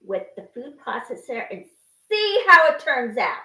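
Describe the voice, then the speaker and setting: A high, sing-song woman cooks in her home kitchen and narrates each step to herself. She talks slowly, sighs and exclaims often, and her bright voice echoes around the room. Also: sing-song. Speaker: channel host cooking on camera. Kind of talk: casual cooking narration.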